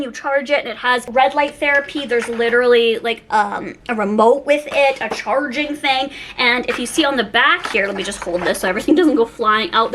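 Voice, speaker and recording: A woman's voice: on the high side, a bit bright, a little hiss or hum. A young woman from Canada chatting in a casual birthday haul vlog, giddy and gushing, laughing often. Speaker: vlogger.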